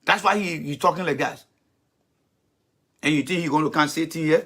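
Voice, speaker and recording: A man hosts a blunt, confrontational political rant, swearing freely. His voice is bright and a little husky, sitting somewhat high for a man. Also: normal speed. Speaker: political commentator host.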